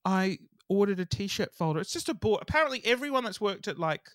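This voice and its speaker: A man's voice: high voice, fairly quick, no room sound. An Australian man hosting a podcast, telling stories in casual chat and acting out the quotes of others. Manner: animated storyteller, acts out quotes. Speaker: podcast host.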